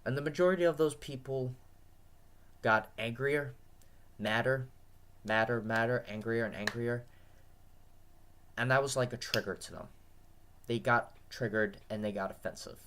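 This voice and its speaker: A man's voice: mid-range voice, normal speed, long pauses, fairly bright tone, a little hiss or hum. A tired man with a dry throat, talking to his viewers in an earnest, repetitive, rambling monologue. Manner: repetitive, earnest, restarts often. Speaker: vlogger.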